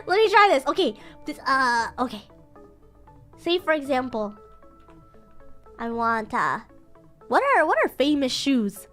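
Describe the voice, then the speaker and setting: A woman's voice: sits high, big pitch swings, slow pace, pauses often, fairly bright tone, faint music behind. A woman streaming a playful Japanese vocabulary lesson, giggling often and acting out little scenes.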